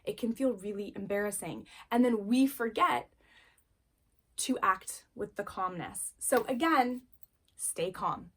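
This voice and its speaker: A woman, an adult mother of young children, teaches a parenting course through a casual spoken lesson, earnest and encouraging, repeating key phrases. Her voice is medium-pitched, animated and fairly bright, at a measured pace.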